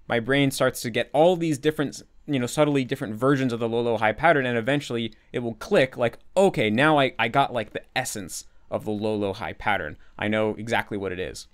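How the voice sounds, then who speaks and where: A man hosting a casual Q&A, explaining at length with many restarts and repeated words, and acting out his own thoughts as quoted asides. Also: medium pitch. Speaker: language-learning channel host.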